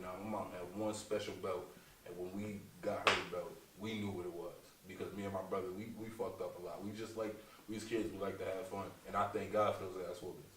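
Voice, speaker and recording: A man, a comedian being interviewed, telling stories in a laughing, slangy and profane way. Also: lowish voice. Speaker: comedian guest. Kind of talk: casual interview storytelling. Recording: echoey room, distant mic, faint noise.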